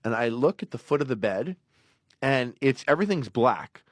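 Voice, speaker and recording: A man's voice: mid-range voice, normal speed, dry recording, studio quality. A man casually telling a long personal story on a podcast, rambling with fillers and acting out quotes. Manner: rambling, animated, acts out quotes in raised voice. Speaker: podcast guest.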